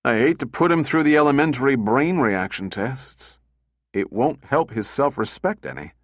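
A gruff senior male engineer talks brisk and impatient, with a dry sardonic edge, as a man puts him on. His mid-range voice sits in a dry, slightly dull audiobook recording. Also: mid-range voice, animated, dry recording. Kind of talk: audiobook character reading.

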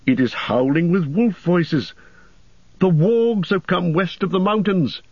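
A man's voice: medium pitch, measured pace, dry recording. A man voicing a grim, weary male ranger in a storybook reading, speaking heavily and urgently. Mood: alarmed. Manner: heavy, urgent. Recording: dull dry audiobook recording.

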